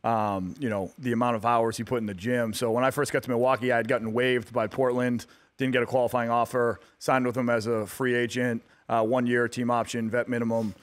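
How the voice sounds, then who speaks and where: A man in his thirties, a guest on a radio talk show, telling stories in a relaxed way with many fillers and restarts. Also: medium pitch, a little fast. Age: 30s. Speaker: guest athlete. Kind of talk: casual radio interview.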